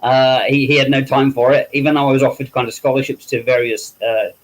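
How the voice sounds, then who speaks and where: A man's voice: medium pitch, flat delivery, a little fast, poor audio. A middle-aged man from England, a guest in a casual interview who tells anecdotes, acts out quoted voices and laughs at himself. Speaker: interview guest, makeup effects artist.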